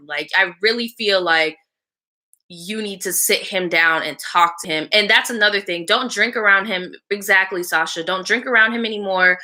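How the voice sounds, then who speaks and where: A woman's voice: medium pitch, moderate pace, bright, forceful tone. A woman hosting a live show, reading a viewer's story aloud and then giving blunt, slangy advice while chatting back to viewers. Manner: blunt, casual and slangy, with frequent swearing; chats back to live viewers between lines.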